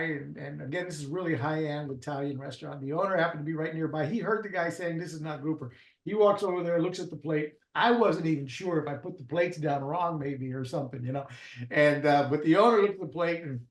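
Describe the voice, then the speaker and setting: A man's voice: fairly high pitch, brisk. A man from Puerto Rico, a guest in an interview, telling stories in a rambling way with many restarts. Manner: rambling, with frequent restarts and fillers. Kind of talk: casual storytelling interview. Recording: roomy echo.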